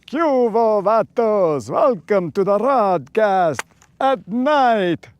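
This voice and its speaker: A man putting on a hammy adult male vampire count voice, theatrical and drawn-out, during a live fishing stream. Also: sits high, expressive, slight background noise, pitched above the performer's own voice.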